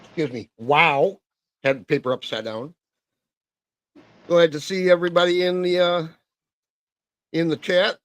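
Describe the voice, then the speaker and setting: Slow-talking wisconsin guy hosting a stream, lots of uhs, dry sound. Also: on the high side, fairly even intonation, fairly bright tone, no echo. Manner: halting, lots of fillers and self-corrections. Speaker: host of a livestream. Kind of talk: casual livestream chat.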